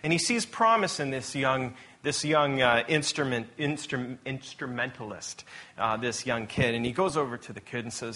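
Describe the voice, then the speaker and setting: Bright-voiced man preaching conversationally. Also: mid-range voice, moderate pace. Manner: conversational storyteller, self-correcting with restarts. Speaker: pastor. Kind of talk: sermon.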